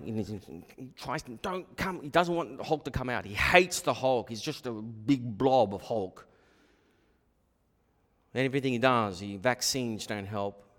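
A middle-aged man preaching a sermon as pastor, shifting between quiet asides and emphatic points. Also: mid-range voice. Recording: long hall reverb.

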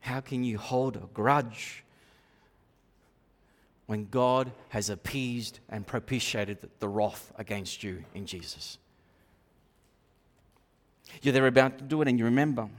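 A man preaching a sermon in a church, swinging between loud emphatic bursts and quiet asides. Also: medium pitch, a little slow, pauses often. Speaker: pastor. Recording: long reverb of a church hall.

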